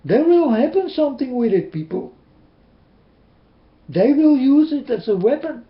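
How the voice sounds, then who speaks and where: Urgent high-voiced man preaching to webcam. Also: big pitch swings, unhurried. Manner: urgent, repeating, pleading with listeners. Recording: roomy, dull webcam audio.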